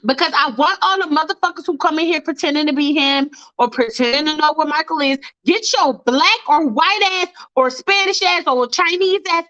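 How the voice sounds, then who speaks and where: A woman's voice: high-pitched, pushed and bright, dry recording, dull audio. A woman hosting a fan livestream, ranting bluntly and with lots of swearing while talking to her chat. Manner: blunt, profane, fired-up, talks to chat. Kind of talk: casual livestream rant.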